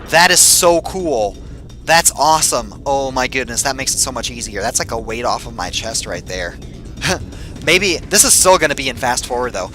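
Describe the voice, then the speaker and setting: Faint music plays behind this young man as he gives casual, excitable gameplay commentary. His voice is mid-range, and frustration quickly sends him into swearing and yelling.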